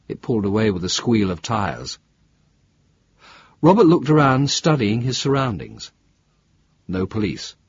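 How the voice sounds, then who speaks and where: Husky low-voiced male audiobook narrator. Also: big pitch swings, measured pace, long pauses, dry recording. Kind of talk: scripted narration. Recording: dull lo-fi dry recording.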